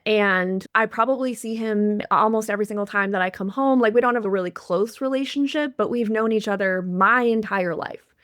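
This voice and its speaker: A woman podcast host and relationship coach in casual chat, telling a story in a lively way, often speeding up and laughing easily. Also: medium pitch, a little fast, no echo, studio quality.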